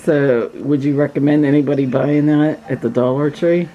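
A woman's voice: low voice, steady tone, normal speed, lo-fi sound, a crowd in the background. A woman filming a home video, teasing and disbelieving as she asks questions from behind the camera. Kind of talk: casual off-camera commentary.

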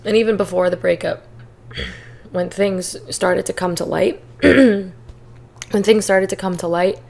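Young female podcaster, slightly low voice, earnest and teary while recounting her story. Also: fairly even intonation, normal speed, gravelly, darkish tone. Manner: candid, earnest, emotional at times. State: tearful. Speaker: podcast host. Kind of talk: personal testimony, casual.

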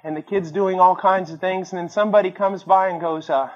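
Husky preacher man, lo-fi sermon tape. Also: high-pitched, steady tone, brisk. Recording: dull lo-fi sermon recording.

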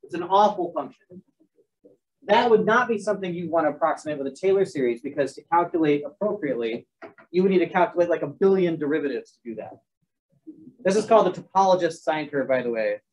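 A man's voice: a little high, lively intonation, fast, darkish tone. A man teaching a math class in a casual lecture, rambling with joking asides and restarting himself as he works through sums. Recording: dull, distant classroom recording.

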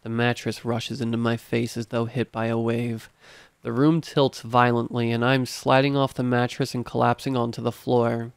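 Man, horror story narrator, measured and steady, gravelly fry, smooth resonant tone. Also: mid-range voice, no echo.

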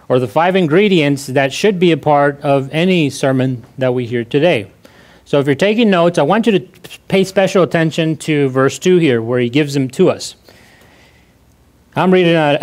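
Conversational pastor with a high-pitched voice. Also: male voice. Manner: conversational, repeats key phrases, frequent restarts. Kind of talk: sermon. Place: church.

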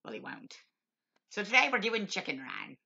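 A woman's voice: mid-range voice, big pitch swings, normal speed, gravelly, bright, forceful tone, slightly rough. Bossy woman hosting a comedy review. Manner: bossy, mock-grumpy. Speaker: film reviewer, show host. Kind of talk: home-made comedy review. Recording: lo-fi home recording.

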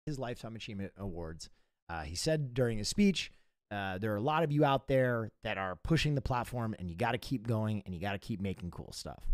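A low-voiced man tells an anecdote on a stream, swinging widely in pitch as he acts out what was said. The sound is dry and close. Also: brisk, no echo. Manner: animated anecdote, acts out quotes. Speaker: streamer telling a story. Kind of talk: casual storytelling on stream.

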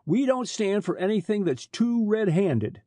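Man doing hesitant smuggler, rough talk, husky, lively. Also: high voice, measured pace, no echo, pitched above the performer's own voice, heavily acted. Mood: wary. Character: hesitant, stubborn rank-and-file smuggler man.

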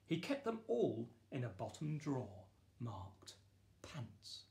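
A man, the author, reading his children's picture book aloud in a playful, lively way with bursts of excited exclamations. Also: medium pitch, slow pace, creaky. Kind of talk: children's storybook read-aloud.

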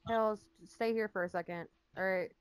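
A woman's voice: medium pitch, fairly even intonation, normal speed, smooth, dry recording. A woman in her twenties talking bluntly in an online game voice chat, swearing offhandedly. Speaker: gamer in voice chat.

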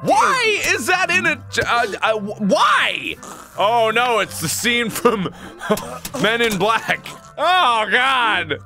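A man's voice: very high voice, very animated, takes it slowly, bright, forceful tone, faint music behind. A man hosting a gaming video, giving let's play commentary with horrified exclamations and frequent laughter.

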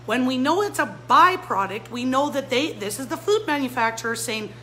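A woman's voice: high voice, animated, normal speed, hardly any pauses, fairly bright tone, a little hiss or hum, low-quality recording. A woman who runs a pet store, giving a fired-up live-stream talk straight to her viewers. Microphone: phone or camera mic.

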